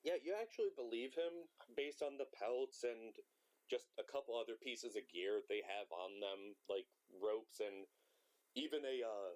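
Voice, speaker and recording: A man's voice: mid-range voice, normal speed. A man acting as game master in an online tabletop game, talking casually and swearing freely.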